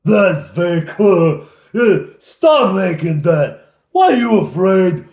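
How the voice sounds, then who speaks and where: A man voicing a huge, dim-witted male ogre who talks in loud, slow, broken speech. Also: high-pitched, very animated, pitched above the performer's own voice, heavily acted. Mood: scornful. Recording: roomy echo.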